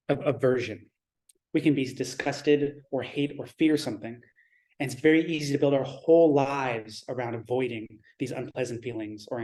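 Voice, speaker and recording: A man giving a Zen dharma talk in a reflective, measured way, pausing and restarting his thoughts. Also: medium pitch, darkish tone.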